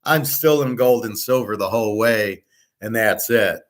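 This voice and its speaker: A man's voice: on the low side, measured pace. A man who handicaps sports bets, talking in a blunt, profane, rambling monologue.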